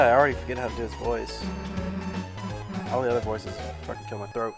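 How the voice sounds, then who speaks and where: A man's voice: medium pitch, flat delivery, brisk, gravelly, pauses often. A man playing through a game, making casual, profane asides and reading out game text. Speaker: gamer voicing a playthrough. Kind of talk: let's play with character voices. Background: game music.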